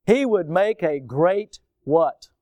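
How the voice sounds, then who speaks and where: A man's voice: high voice, animated, slow pace, dark tone, no room sound. A man preaching a sermon with a rising and falling cadence and frequent rhetorical questions. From United States. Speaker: pastor.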